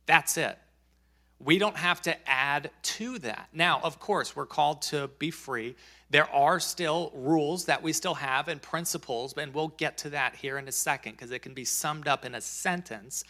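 A man's voice: on the high side, a little slow, sharp tone. A man preaching a sermon as pastor, talking in a conversational, joking way and reading scripture aloud.

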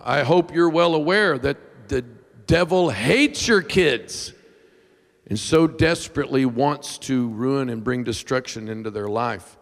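High, gravelly-voiced preacher in a hall. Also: male voice. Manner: animated, self-mocking, jumps into loud whiny voices. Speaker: pastor. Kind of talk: sermon with humorous storytelling. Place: church sanctuary. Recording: long reverb in a large hall.

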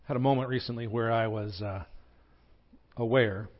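In a muffled recording, a young adult pastor with a Southern American accent delivers a sermon at normal speed, earnestly telling a story from his own life. His intonation is fairly even overall, though his voice rises and falls in pitch and loudness.

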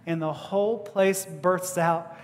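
High-voiced man telling a sermon story. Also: slow, in a large hall. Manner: animated, acting out quotes, stammering restarts. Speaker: preacher.

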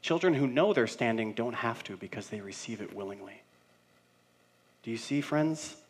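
A man's voice: mid-range voice, animated, normal speed, slightly rough. Conversational man preaching a sermon. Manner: conversational, playful, emphatic with rhetorical questions. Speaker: senior pastor.

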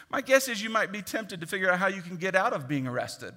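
Male pastor, higher-pitched and bright, animated sermon delivery, long reverb of a big hall. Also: fast talker, few pauses. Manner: animated, jokey, acts out quoted voices.

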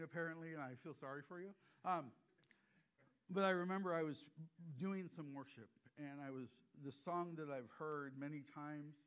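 A man preaching a conversational sermon with personal stories, animated and acting out little dialogues, then going soft and hushed when he is moved. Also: a little high. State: emotional. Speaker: preacher, hospice chaplain. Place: church gathering.

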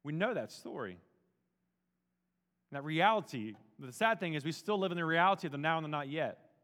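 A man with a high voice preaches with emphatic, down-to-earth energy and drops casual slang between solemn points. His voice rings out with a long reverb from a large hall. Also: animated, moderate pace, fairly bright tone. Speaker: pastor. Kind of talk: sermon.

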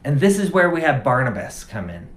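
A man's voice: mid-range voice, sing-song, fairly quick, a bit bright. A man preaching a sermon as pastor, conversational and casual, driving points home through repeated phrases. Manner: conversational, emphatic repetition. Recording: roomy echo.

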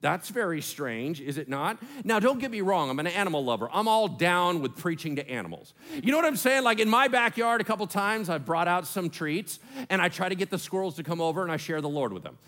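A man's voice: high-pitched, brisk, few pauses. A man preaching a sermon as pastor, joking and acting out little voices as he teaches. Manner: animated, joking, acts out voices.

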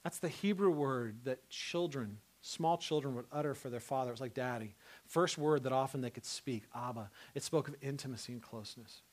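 A man preaching a sermon, talking in a conversational way with frequent "right?", who swings from loud rising outbursts to soft hushed tenderness. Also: mid-range voice, a little fast. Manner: conversational, repeats words and asks "right?" often. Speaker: pastor.

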